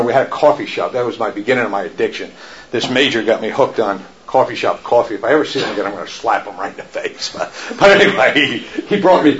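A middle-aged man telling stories to an audience, laughing often and shouting when he acts out quotes. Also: mid-range voice, slight background noise. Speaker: speaker giving a faith talk. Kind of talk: storytelling talk to an audience. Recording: roomy, dull lo-fi sound.

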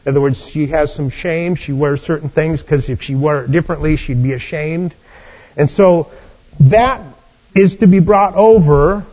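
High-pitched guy preaching, acts out the story bits, kinda dull lo-fi sound. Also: long reverb tail. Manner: animated storytelling, acting out characters' lines. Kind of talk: sermon, Bible teaching. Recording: dull lo-fi recording.

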